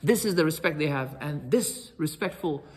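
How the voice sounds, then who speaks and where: A man telling a story in a lecture, animated, acting out quoted speech with sudden loud outbursts. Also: fairly high pitch, moderate pace. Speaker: Islamic lecturer.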